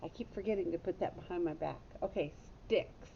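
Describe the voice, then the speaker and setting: A woman's voice: fairly quick, vocal fry. A woman teacher giving a patient phonics lesson to young children, stopping to correct her own slips. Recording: dull lo-fi audio with faint rumble.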